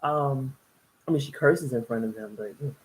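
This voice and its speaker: In an extremely low-pitched voice at normal speed, a young woman casually walks through a reality TV episode on a low-quality recording. She rambles chattily and often laughs between her thoughts.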